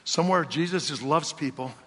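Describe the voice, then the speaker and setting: A man with a slightly high, husky voice preaches briskly, his tone bright and forceful. As pastor, he speaks straight to the congregation and challenges them with rhetorical questions. The church hall adds a long reverb.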